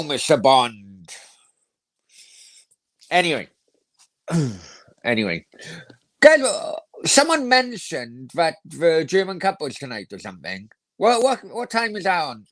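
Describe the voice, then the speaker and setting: A man's voice: a little high, a bit bright, dry recording. A man hosting a casual football live stream, rambling crudely, swearing freely and reading viewer comments aloud. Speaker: football channel host.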